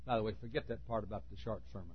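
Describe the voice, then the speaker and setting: A man preaching a sermon, folksy and storytelling, dropping to quiet asides and then bursting into shouts. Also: on the low side, steady tone, very fast, husky, no room sound. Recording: dull lo-fi recording.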